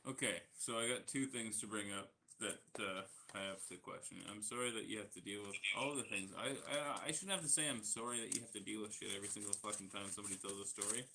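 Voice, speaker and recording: A man's voice: on the low side, fast talker, few pauses, bright, forceful tone, slight background noise. A man in a heated casual debate, talking bluntly and swearing freely. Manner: blunt and profane. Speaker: debate participant.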